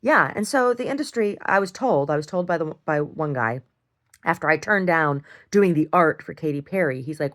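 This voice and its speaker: Woman, lower voice, blunt diary-style storyteller, casual and animated. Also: moderate pace. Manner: animated, frank storytelling with lots of "like" and "right?". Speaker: video diarist. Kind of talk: casual monologue.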